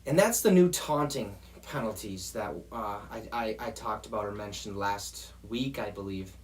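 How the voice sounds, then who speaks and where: A man's voice: fairly low pitch, moderate pace. A man hosting a football show, ranting in a profane, exasperated way straight to his viewers. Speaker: sports show host. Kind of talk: heated football rant.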